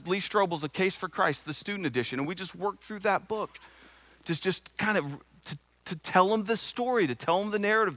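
A man's voice: a little high, bright, forceful tone, no echo. A middle-aged man giving an earnest sermon testimony from the pulpit, telling a personal story with frequent repeated words. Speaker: church speaker.

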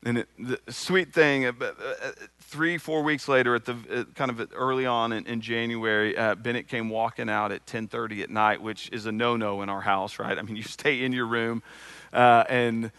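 A man's voice: medium pitch, fairly even intonation, normal speed, a bit bright, clean tone, dry recording. A middle-aged man giving an earnest sermon testimony from the pulpit, telling a personal story with frequent repeated words. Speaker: church speaker.

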